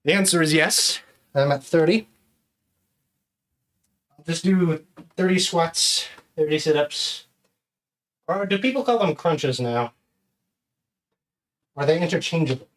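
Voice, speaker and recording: Man, streamer, breathless, counting reps aloud, raised pitch, slow talk. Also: animated. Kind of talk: casual live-stream chat.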